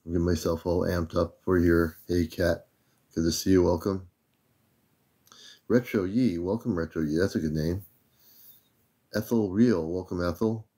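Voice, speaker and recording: An older American man hosting a casual livestream, relaxed and easygoing, greeting viewers one by one by name. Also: low voice, a little slow, pauses often. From United States. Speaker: livestream host.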